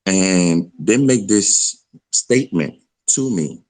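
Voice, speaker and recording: A man from West Africa with a West African accent, calling in to a debate show, talking haltingly with many restarts and pushing his pitch up when he insists. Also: lively intonation, darkish tone. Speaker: caller. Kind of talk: call-in debate.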